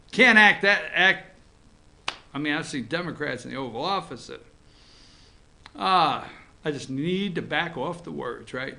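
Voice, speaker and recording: Joking with his crew during a casual morning show broadcast from an office, this man keeps up loose talk-show commentary. His voice is high-pitched, pushed, and bright.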